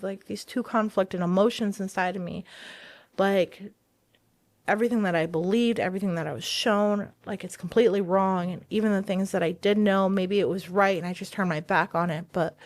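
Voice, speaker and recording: An earnest woman tells her own story as a guest on an interview show. She speaks in a hesitant, halting way and often restarts her sentences. Her voice sits at a middle pitch, and the recording is dry and close. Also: dry recording. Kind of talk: personal testimony in a podcast interview.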